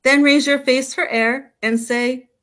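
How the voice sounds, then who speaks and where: A woman's voice: high-pitched, fairly even intonation, measured pace, a bit bright. A woman doing a patient, coaxing mother frog. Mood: reassuring.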